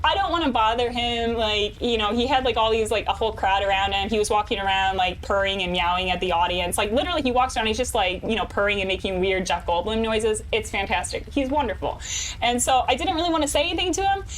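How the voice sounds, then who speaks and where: A woman streaming live who is overjoyed and breathless, laughing, shaky with excitement and repeating herself as she thanks her chat. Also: on the high side, fast talker, a little hiss or hum.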